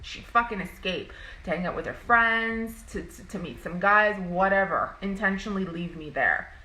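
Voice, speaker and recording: A woman's voice: mid-range voice, normal speed, sharp tone, slight background noise, low-quality recording. A young adult woman vlogging to camera, telling a personal story in a rambling, emotional way with some swearing.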